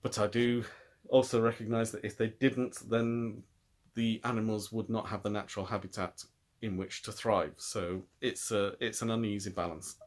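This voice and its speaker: A man's voice: lowish voice, little pitch movement, normal speed. A British man hosting a knitting podcast, talking in a thoughtful, rambling way with frequent restarts. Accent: British English. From United Kingdom. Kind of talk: casual chat.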